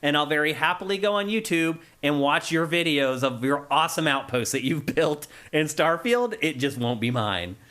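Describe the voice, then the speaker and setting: A man's voice: on the high side, lively intonation, normal speed, few pauses, pushed and bright. A man co-hosting a gaming podcast, chatting casually and enthusiastically, often laughing. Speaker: podcast co-host.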